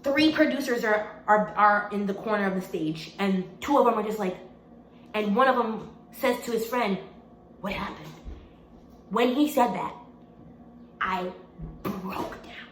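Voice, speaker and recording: A young woman telling a storytime testimony in an animated way, repeating phrases and rising into exclamations. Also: medium pitch, measured pace. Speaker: vlogger. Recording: echoey room, faint background hum.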